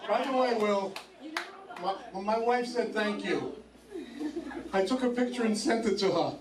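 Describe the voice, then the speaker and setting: A man's voice: high voice, unhurried, distant mic. A man hosting a bar open mic, chatting with the crowd and telling crude stories about his wife. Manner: chatty, storytelling, crude jokes. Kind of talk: club emcee banter. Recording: roomy bar from afar, crowd noise.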